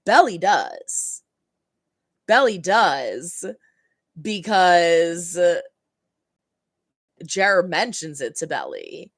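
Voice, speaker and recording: Rambling casually about a TV episode on her reaction channel, a young woman laughs a lot and performs the heated lines. She has a lowish, slightly bright voice, and the clean studio recording has no echo.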